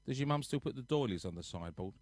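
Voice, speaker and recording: A man's voice: mid-range voice, expressive, fast talker, a little mellow, no echo. Chatty man on a home live stream. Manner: rambling, chatty, reads viewer comments aloud. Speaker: live-stream host and musician. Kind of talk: casual chat to a live online audience. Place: home, sitting on a sofa.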